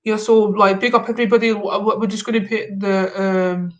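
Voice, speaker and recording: A man's voice: high voice, little pitch movement, a little fast, dull audio. A man hosting a live stream, chatting casually with slangy, mock-confrontational banter. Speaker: livestream host.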